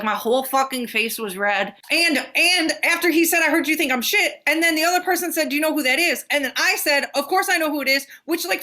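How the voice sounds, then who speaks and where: Bright-voiced woman telling stories animatedly. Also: high-pitched. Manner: animated storytelling, heavy swearing, acts out quotes. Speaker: podcast co-host. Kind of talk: casual chat.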